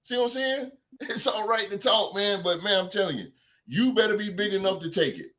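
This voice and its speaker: High, bright-voiced ranting sports host. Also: male voice, fairly quick. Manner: animated, heckling, mocking fans' voices. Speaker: podcast host. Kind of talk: sports talk rant.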